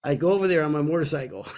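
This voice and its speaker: A man in his sixties from Kentucky, co-hosting a podcast and telling a personal story in a casual, animated way. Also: a little high, quick pace. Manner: animated storyteller, acts out voices in quotes. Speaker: podcast co-host.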